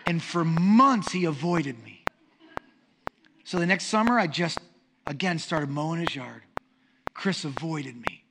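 A middle-aged male pastor telling stories in a sermon, animated and humorous. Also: a little high, a little slow, long pauses. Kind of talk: sermon storytelling. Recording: noisy recording with clicks.

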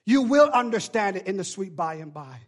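A man preaching a sermon as pastor, swinging between shouted pleas and hushed, drawn-out lines with a call-and-response cadence. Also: high voice, big pitch swings. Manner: shifts between shouting and hushed near-whispers.

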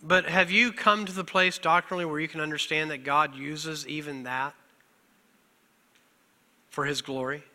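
A man's voice: fairly high pitch, fairly even intonation, moderate pace, long pauses, sharp tone. A middle-aged male pastor preaching a sermon, emotional and self-deprecating, on the verge of tears and often laughing through them. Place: church sanctuary. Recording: long church hall reverb.

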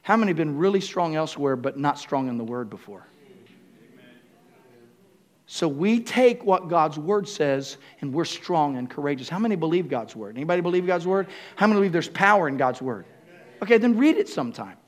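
A man pastor preaching a sermon to a congregation, repeating key phrases and building up to shouts. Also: fairly high pitch, sing-song, brisk. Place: church room with congregation.

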